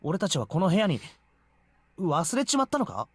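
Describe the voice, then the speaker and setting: A man voice acting a brash young male protagonist in a game, a little husky, blurting out quick questions. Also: high voice, wildly swooping pitch, heavily acted. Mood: alarmed.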